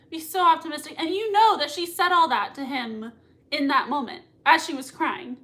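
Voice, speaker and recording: A woman's voice: sits high, animated, moderate pace, a bit bright. A woman hosting a casual live reaction stream, reading viewer comments aloud and gushing over a TV episode with frequent laughter. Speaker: livestream host reacting to a TV episode.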